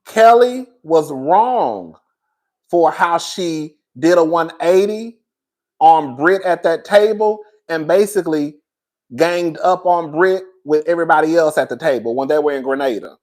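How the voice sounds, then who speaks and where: Speaking unhurriedly in a fairly high voice with a darkish tone, a man reviews a reality show casually and with strong opinions. Blunt and sassy, he swears freely and addresses viewers as girl and baby.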